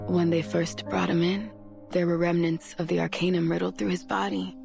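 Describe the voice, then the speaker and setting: A woman's voice: lowish voice, little pitch movement, moderate pace, vocal fry, darkish tone, faint music behind. An actress playing a weary, blunt female investigator in a video game, matter-of-fact and dry.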